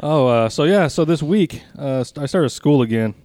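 A man's voice: fairly high pitch, animated, normal speed, a little mellow, dry recording. Rambling, laughing man telling stories. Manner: rambling, laughing, swears freely. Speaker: podcast co-host. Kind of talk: casual storytelling chat.

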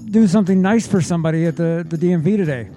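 A man's voice: on the high side, rapid-fire, music in the background. A man in a casual podcast chat who teases his co-host with sarcastic quips.

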